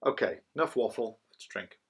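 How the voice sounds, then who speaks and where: A man's voice: fairly low pitch, lively intonation, moderate pace, vocal fry, husky. A middle-aged man, chatting casually through a cider review and rambling as he goes. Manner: rambling, chatty, self-described waffler.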